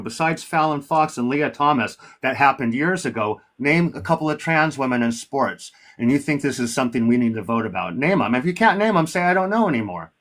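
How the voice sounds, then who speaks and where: A man's voice: medium pitch, fairly bright tone. A man hosting a live-stream debate, combative and profane, talking over his guest.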